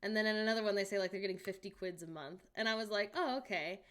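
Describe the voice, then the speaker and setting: A woman's voice: mid-range voice, steady tone, very fast, clear, resonant tone. Chatty American woman streamer. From United States. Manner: chatty, reads chat aloud and jokes, laughs often; incredulous outbursts. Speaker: livestream host. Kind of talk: casual live-stream chat.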